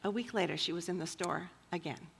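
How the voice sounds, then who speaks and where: A woman's voice: fairly low pitch, fairly quick, creaky, a bit bright, a little hiss or hum. A woman telling personal stories at a church women's gathering, chatty and full of fillers. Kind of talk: personal storytelling talk.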